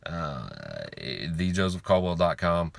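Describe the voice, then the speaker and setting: A man speaks slowly in a low, expressive voice with vocal fry, and there's no room sound. He's an online speaker on faith and money, delivering a blunt, emphatic, informal motivational monologue full of repeated lines and casual swearing.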